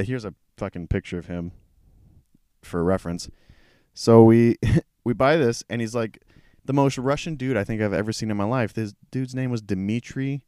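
A man hosting a casual solo podcast, tired and low on energy, rambling with lots of swearing and self-deprecating asides. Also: darkish tone, smooth, no room sound, studio quality. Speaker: podcast host. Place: small hot room at home. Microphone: camera mic.

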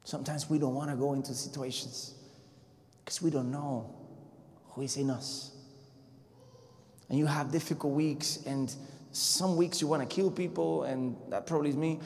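A man preaching a sermon in a casual, conversational way, telling a story and swinging between loud bursts and hushed, near-whispered passages. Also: on the high side, fairly even intonation, normal speed, creaky, long pauses. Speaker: pastor. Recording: long echo of a large hall.

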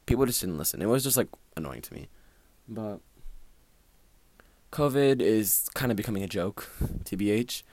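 A man's voice: lowish voice, moderate pace, long pauses. A teenage boy hosting his own podcast from a small closet, rambling casually with lots of fillers. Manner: rambling, filler-heavy, animated. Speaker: podcast host. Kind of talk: casual solo podcast chat.

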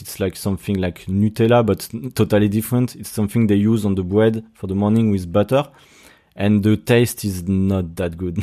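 This podcast host is a young man with a French accent, delivering a casual monologue in English, his second language. His voice is fairly low and mellow, and he halts and searches for words, often restarting and laughing at himself.

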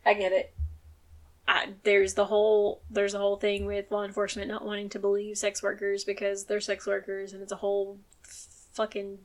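A woman's voice: medium pitch, completely flat delivery, normal speed. A woman hosting a true crime podcast in casual chat, swearing freely and turning firm and emphatic when she gets angry. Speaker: podcast host.

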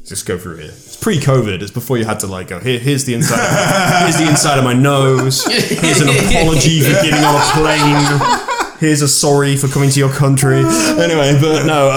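A male podcast co-host in loose, chatty storytelling mode. He rambles through anecdotes, laughing along as he goes, while faint music sits under the talk. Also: mid-range voice. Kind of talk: casual comedy podcast chat.

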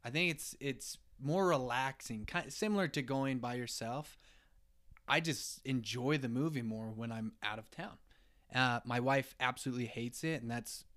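A man's voice: mid-range voice, normal speed, a bit bright. A man talking as a guest on his brother's podcast, playful and chatty. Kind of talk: casual chat.

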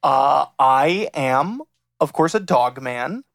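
A man's voice: a little high, lively intonation, slow pace, a bit bright, dry recording, exaggerated voice. A man playing a bashful, fawning guest who lives his life as a dog, in a studio comedy podcast. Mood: earnest. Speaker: guest character.

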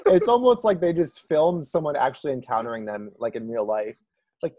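A man co-hosting a casual podcast chat, animated, laughing and mimicking lines in high voices, with lots of "like" fillers. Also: a little fast, gravelly. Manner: peppers speech with "like". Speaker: podcast co-host. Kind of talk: casual chat reviewing old TV ads.

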